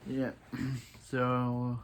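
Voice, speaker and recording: A man's voice: mid-range voice, monotone, extremely slow, creaky, clean tone. A man casually recapping a TV season, rambling with lots of fillers and restarts. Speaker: show recap reviewer.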